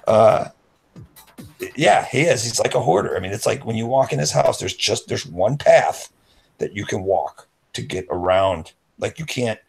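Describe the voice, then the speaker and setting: A man's voice: lowish voice, expressive, a little slow, creaky, husky, soft background music. A man co-hosting a casual podcast chat, telling a rambling story and acting out the voices of people he quotes. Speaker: podcast co-host.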